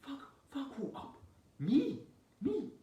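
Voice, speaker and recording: A man voicing a bossy, nagging middle-aged aunt who turns shrill and indignant when riled, recorded at a distance in an echoing room. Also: rapid-fire, a little mellow, close to an everyday voice. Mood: shrieking. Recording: roomy echo, distant mic, low rumble.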